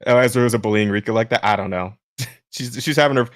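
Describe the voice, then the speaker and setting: Speaking quickly at a middle pitch, a smooth-voiced male podcast host keeps the chat loose and casual. He rambles, restarts, drops fillers, and frequently laughs partway through sentences. There's no echo or room sound; the audio is dry.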